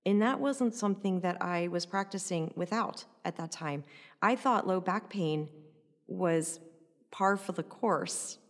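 A woman recounting a personal story in an animated, conversational way, often adding "like" and "right?". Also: fairly low pitch, unhurried, long reverb tail.

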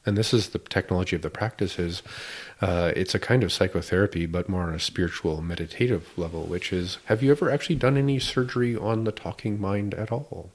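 Deep-voiced male host, playful, laughs easily, casual explainer. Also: fairly quick. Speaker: podcast host teaching a practice.

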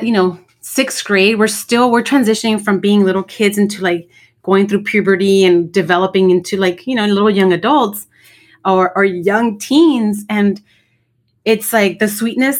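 A middle-aged woman co-hosting a podcast, telling stories in a blunt, profane, animated way. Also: mid-range voice, moderate pace. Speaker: podcast co-host. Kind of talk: casual chat.

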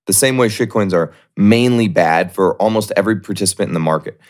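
A man arguing bluntly in a casual podcast debate, swearing freely and mocking others in quick put-on voices. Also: on the low side. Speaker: podcast guest.

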